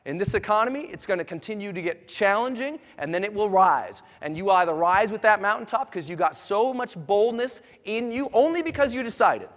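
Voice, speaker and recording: A fairly high-voiced man giving a live motivational speech, swinging from hushed, intimate storytelling to loud rallying calls. The sound carries a long reverb from a big hall. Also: lively intonation, brisk, few pauses. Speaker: motivational speaker. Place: large hall with an audience.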